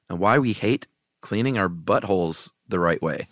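A man's voice: low voice, normal speed, no echo. A man co-hosting a podcast in casual chat, laid-back and given to sardonic quips. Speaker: podcast co-host.

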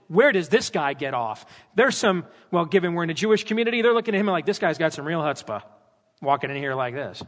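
A man preaching a sermon at his church, animated and dramatizing scripture with character voices. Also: sits high. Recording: long hall reverb.

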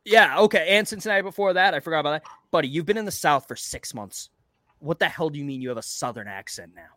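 A man co-hosting a sports podcast, talking in loose, joking banter with plenty of swearing. His voice sits a little high and sounds bright and forceful. The sound is dry and close. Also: lively intonation, quick pace, dry recording. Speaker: podcast co-host. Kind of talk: casual sports chat.

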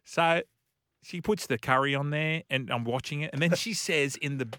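A man's voice: fairly high pitch, moderate pace. A man co-hosting a radio show, telling stories with lots of laughter and teasing his guest. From Australia. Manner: animated storyteller, laughs a lot, teasing. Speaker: radio co-host. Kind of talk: casual radio chat.

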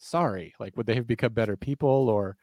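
A man's voice: mid-range voice, a little fast, a little mellow, dry recording. A man co-hosting a true crime podcast in casual chat, full of dry mock-serious jokes. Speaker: podcast co-host.

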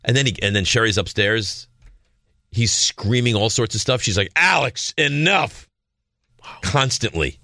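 A man hosting a sports radio show, telling animated stories and quoting his son in a raised voice. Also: lowish voice, normal speed, no room sound, clean studio sound. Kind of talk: casual sports radio banter.

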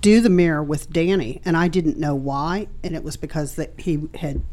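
A woman's voice: low voice, moderate pace, dark tone. A woman co-hosting a casual chat show, telling easygoing, folksy family stories. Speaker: co-host.

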